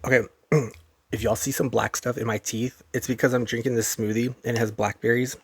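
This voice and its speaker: A man's voice: medium pitch, little pitch movement, a little fast, breathy edge, dry recording. A man casually recounting events to a few friends, rambling with lots of fillers and quoting others' words. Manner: rambling, filler-heavy retelling with quoted dialogue. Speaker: vlogger.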